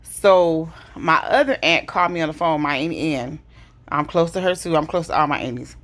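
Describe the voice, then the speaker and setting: A woman's voice: deep voice, moderate pace, a bit bright. A woman, telling a personal story in an emotional, conversational way and often repeating herself. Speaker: vlogger.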